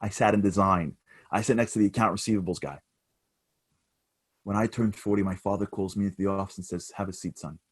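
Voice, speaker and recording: A man giving a motivational keynote, telling a dramatic story that swings from hushed to loud. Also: on the low side, steady tone, a little fast, pauses often, husky. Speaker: motivational speaker.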